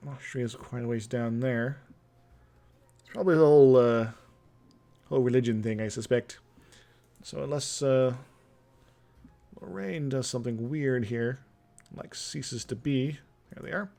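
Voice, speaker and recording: A young man with a gravelly, creaky voice talks his way through a strategy game. He mutters plans, chuckles at his own jokes and hums idly between moves. His pitch sits in an ordinary middle range. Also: unhurried, long pauses, warm tone. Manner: musing aloud, chuckling, humming to himself. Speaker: streamer playing a strategy game. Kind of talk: casual gameplay commentary.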